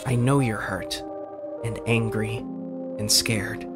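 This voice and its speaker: A man playing a game and reading its dialogue aloud in a gentle, reassuring way. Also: lowish voice, slow, long pauses. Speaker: game streamer. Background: game music.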